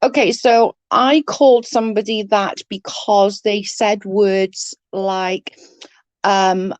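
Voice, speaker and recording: A woman's voice: medium pitch, slow, a little mellow, no echo, highs cut off. A woman streaming live, chatting casually and rambling with her viewers, swearing now and then.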